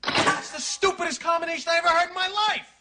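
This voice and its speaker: An actor playing an exasperated man who shouts about a stupid combination, in a film clip played on the radio. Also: extremely high pitch, fairly even intonation, fast, heavy background noise.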